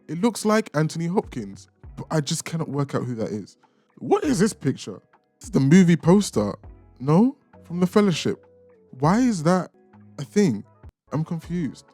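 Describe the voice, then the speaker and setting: A man's voice: a little high, warm tone, no room sound. A young man hosting a reaction channel, casually ranking film characters with playful, opinionated jabs. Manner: chatty, opinionated, playfully insulting.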